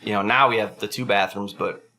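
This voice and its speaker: A man co-hosting a casual podcast who tells crude stories with lots of swearing and laughter, and jumps into a high squeaky voice to act out other people. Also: steady tone, brisk, a crowd in the background. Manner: laughs often, swears freely. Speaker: podcast co-host.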